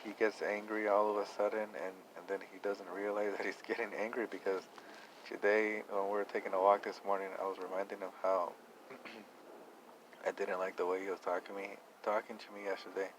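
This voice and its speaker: Low, flat-voiced young man musing aloud. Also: noisy background. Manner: rambling, halting, with many restarts. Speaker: vlogger. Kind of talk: reflective personal storytelling.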